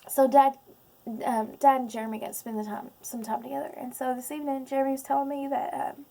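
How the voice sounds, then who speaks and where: A woman in her thirties, speaking in a personal vlog, close to tears, halting with many pauses and ums. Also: high-pitched, little pitch movement, dark tone. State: close to crying. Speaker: vlogger.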